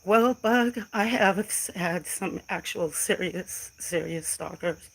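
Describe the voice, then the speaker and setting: A woman's voice: fairly low pitch, takes it slowly, vocal fry, fairly bright tone, poor audio. A middle-aged woman on a casual phone livestream, talking back to trolls in chat in a defiant, emotional way. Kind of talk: casual live stream talk to chat.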